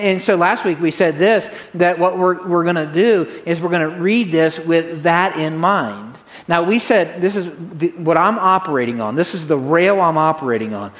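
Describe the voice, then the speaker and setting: Pastor guy preaching, slightly high voice, chatty and folksy, keeps repeating his points. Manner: energetic, direct, repeats key phrases to a congregation. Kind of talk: sermon.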